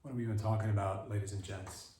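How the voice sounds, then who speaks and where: A man's voice: lowish voice, steady tone, rapid-fire, warm tone, reverberant, recorded from a distance, slight background noise, rough recording. A young man hosting a comedy podcast, riffing in a rambling, profane monologue full of mock outrage. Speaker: podcast host.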